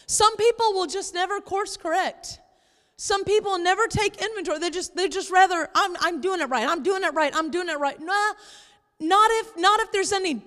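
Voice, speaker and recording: A woman pastor preaching a sermon in church, lively and playful, sometimes acting out exasperated voices. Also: extremely high pitch, big-room sound. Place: church sanctuary.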